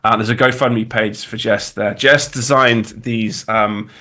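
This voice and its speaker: A man's voice: lowish voice, fairly even intonation, a little slow, sharp tone. A man from the UK in his thirties with a British accent, chatting casually as a guest designer on a livestream, rambling with many restarts.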